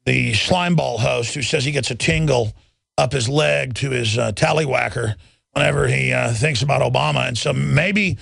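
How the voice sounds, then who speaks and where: A man's voice: mid-range voice, moderate pace, gravelly, a bit bright, no echo. A man hosting a talk radio show, ranting angrily and repeating himself as he works up his outrage.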